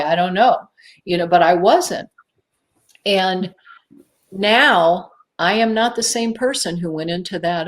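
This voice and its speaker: A woman guest telling a personal story on a talk show, emphatic and vivid, with dramatic pauses and acted-out inner voices. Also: mid-range voice. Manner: vivid storyteller who acts out her own inner voices.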